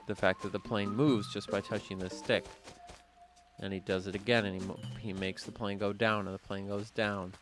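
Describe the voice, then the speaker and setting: A man casually rambling through a joking story while playing a game, offhand and jokey. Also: sits low. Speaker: gaming channel host. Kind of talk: rambling storytelling over gameplay. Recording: music playing behind.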